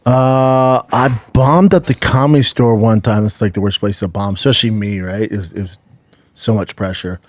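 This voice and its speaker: A man's voice: on the low side, fairly even intonation, normal speed. Laid-back man telling candid stories. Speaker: podcast co-host and comedian. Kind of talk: casual chat.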